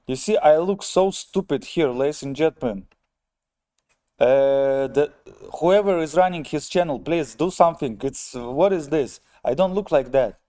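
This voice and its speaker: A man with a Russian accent, a native Russian speaker, chatting on his live stream in a wry, self-mocking way and calling his viewers "ladies and gentlemen". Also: on the high side, unhurried. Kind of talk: casual live-stream chat, reading viewer comments.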